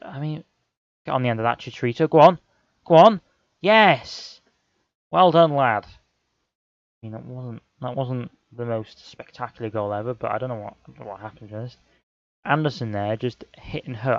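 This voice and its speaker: A man's voice: mid-range voice, darkish tone, no echo, highs cut off. A young man commentating on a football management game, often frustrated and exclaiming at the action. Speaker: gaming channel host.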